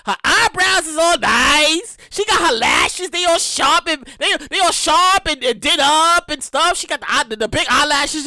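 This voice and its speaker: On her podcast, a woman with a high voice rants and swears in a casual monologue, telling stories with animated energy. The recording is studio quality with no echo.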